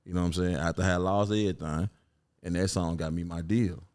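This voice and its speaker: Memphis man, Southern accent, low relaxed podcast guest voice. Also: quick pace. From Memphis, USA. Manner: laid-back, repeats "you know what I'm saying". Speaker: guest musician. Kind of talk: casual podcast chat.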